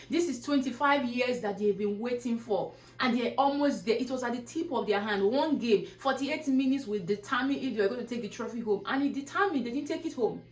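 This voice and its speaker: Earnest woman vlogger in an echoey room. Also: fairly high pitch. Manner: preachy, repeats rhetorical questions. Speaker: YouTuber giving motivational talk. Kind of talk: casual motivational vlog.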